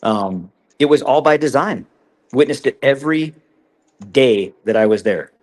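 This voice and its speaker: A man, recounting what he witnessed as a guest in an interview, earnest and halting with frequent restarts. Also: medium pitch, lively intonation, a little mellow. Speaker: whistleblower guest.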